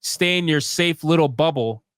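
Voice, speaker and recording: A man's voice: on the high side, moderate pace, fairly bright tone, slight background noise. A man giving sarcastic, ranting live commentary as a streamer, firing off rhetorical questions. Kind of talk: live commentary reading tweets.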